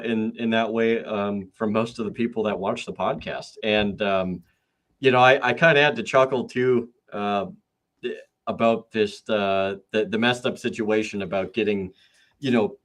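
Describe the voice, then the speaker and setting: A man hosting a podcast, talking casually and rambling with many fillers and restarts. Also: fairly low pitch. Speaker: podcast host.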